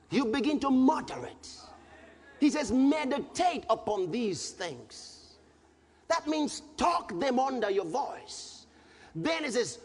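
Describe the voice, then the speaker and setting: A very high-pitched man preaches with a lively, swooping voice, slowing down to press each point. He repeats his phrases and bursts into shouted scripture. His voice rings through a large hall with faint noise behind it. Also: breathy edge. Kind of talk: sermon.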